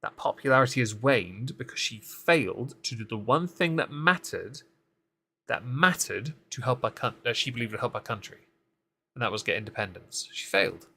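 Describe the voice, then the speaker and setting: A man chatting through the week's political news on a live stream, heavy on sarcasm and dry mockery. His voice is bright and forceful, right up on a desk microphone. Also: mid-range voice, expressive, moderate pace, vocal fry, a little hiss or hum. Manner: sarcastic, mocking asides. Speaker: co-host of a political recap show.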